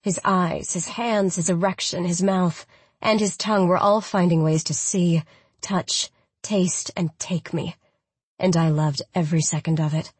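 A woman reading a first-person audiobook in a smooth, even way with breathy, intimate touches. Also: on the low side, unhurried, no echo. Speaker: audiobook narrator.

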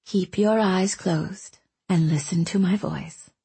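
A woman narrator voicing a gentle, scheming woman who speaks in a soft, coaxing, lulling way. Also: fairly low pitch, a little slow, husky, no echo, full character voice.

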